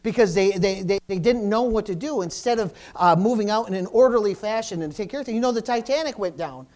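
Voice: medium pitch, fast talker, a little mellow. A pastor preaching a sermon to a congregation in church, often restarting phrases and calling out "amen?" and "praise the Lord".

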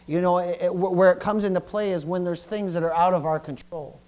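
A middle-aged man preaches from the pulpit in a voice pitched a little higher than most men's. He stumbles and repeats words as he goes, swinging from loud bursts to quiet asides. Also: level tone, brisk. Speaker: pastor. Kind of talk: sermon.

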